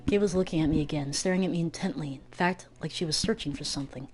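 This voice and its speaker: A woman's voice: low voice, quick pace, hardly any pauses, darkish tone. A woman streaming a text game, reading it aloud and chatting casually and playfully. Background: background game music.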